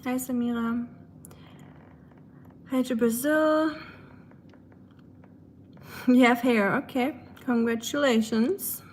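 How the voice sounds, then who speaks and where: A woman's voice: on the high side, steady tone, slow, long pauses, a little hiss or hum. A woman from Germany with a German accent, chatting casually with viewers while she cooks on a phone livestream in her kitchen. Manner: chatty, reads out and answers viewers' chat, laughs often. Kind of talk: casual cooking livestream chat. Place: home kitchen. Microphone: phone on the counter.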